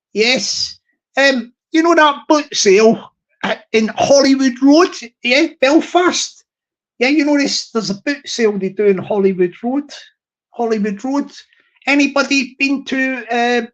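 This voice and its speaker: A man's voice: very high voice, a bit bright. A man chatting to his live stream audience in a rambling, teasing way, repeating himself and restarting.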